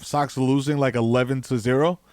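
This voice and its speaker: A man's voice: medium pitch, fairly even intonation, brisk, a little mellow, clear, resonant tone, no room sound. A man co-hosting a podcast from home, riffing loosely in slang and laughing often through casual comedic banter. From the Bronx, New York. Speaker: podcast co-host.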